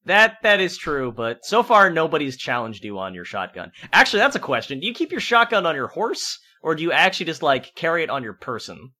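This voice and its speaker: A man's voice: fairly high pitch, sing-song, fairly quick, hardly any pauses, sharp tone. A man from Canada narrating a tabletop game as game master, casual, with frequent fillers.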